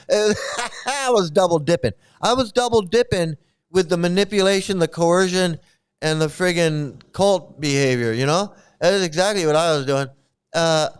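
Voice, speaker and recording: Rambling, laughing man, clear high voice. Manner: rambling, laughs often, swears, stammers. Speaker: channel host commenting on a cult. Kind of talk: casual livestream commentary.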